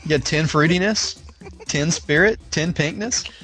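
A man's voice: on the high side, measured pace, fairly bright tone, soft background music. Laid-back, slangy male co-host. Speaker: podcast co-host. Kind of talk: casual chat.

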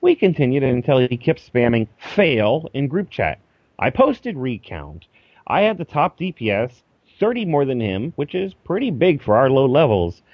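A man's voice: medium pitch, very animated, moderate pace, dry recording. Man reading email on a dull, dry mic. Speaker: podcast host. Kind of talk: casual chat and reading listener email.

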